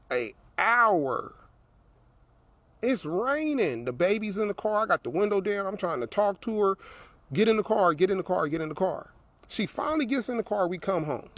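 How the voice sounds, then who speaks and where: A man's voice: high-pitched, a bit bright, dry recording. A man telling a personal story in a rambling way, repeating his phrases, recorded outdoors by an apartment building. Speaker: vlogger.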